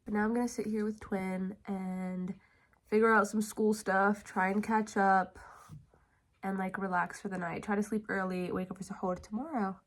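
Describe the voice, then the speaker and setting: A young woman talking casually to her camera, chatty and animated, with lots of filler words. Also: medium pitch, moderate pace. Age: young adult. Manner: drops to a hushed whisper. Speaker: vlogger. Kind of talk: casual vlog chat.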